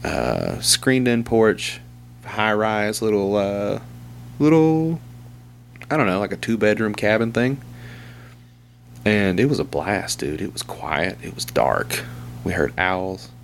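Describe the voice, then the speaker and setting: A very low-voiced man, rambling through crude stories in relaxed chat. He swears freely and laughs at his own tales. A faint hum sits under the recording. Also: takes it slowly, vocal fry, long pauses. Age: young adult to middle-aged, father of a two-year-old. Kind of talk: casual chat.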